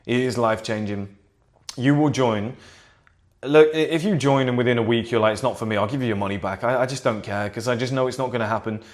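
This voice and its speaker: A man sits at home and talks loosely into his own camera. He rambles, swears easily and slides into a confident sales pitch, in a voice of middling pitch. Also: fast talker. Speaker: vlogger. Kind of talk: casual to-camera vlog. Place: seated at home in a flat. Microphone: camera in front of him.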